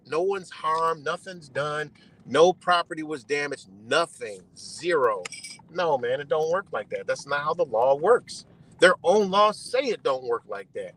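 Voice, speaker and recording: On a low-quality recording, an American man with a fairly high voice, lively intonation and a sharp tone rants on a live stream. He keeps a measured pace while being heated and profane, repeating his points and tagging them with "you know."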